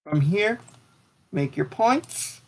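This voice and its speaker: A young man with a fairly high voice walks through a geometry tutorial in a loose, casual way. He talks as he clicks through the software and pauses to apologize for small slips, speaking into a desk mic at his computer. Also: expressive. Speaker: math tutor. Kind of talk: screen-recorded software tutorial.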